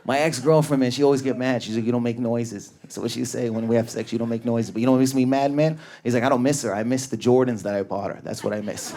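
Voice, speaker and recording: A man in his thirties doing an animated stand-up comedy set on a club stage, telling stories with bursts of energy and acted-out voices. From Canada. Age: 30s. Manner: high-energy, animated storytelling with sudden volume swings and acted-out voices.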